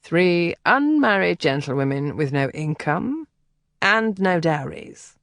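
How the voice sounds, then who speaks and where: A woman's voice: fairly low pitch, big pitch swings, no echo, full character voice. A woman voicing a blunt young nobleman. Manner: measured, blunt, dry. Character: confident young aristocratic man, dry and blunt.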